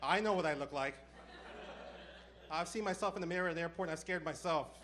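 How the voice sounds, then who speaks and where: Fast-talking high-voiced male comedian. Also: a crowd in the background. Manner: deadpan punchlines, brisk storytelling. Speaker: stand-up comedian. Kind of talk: stand-up comedy set.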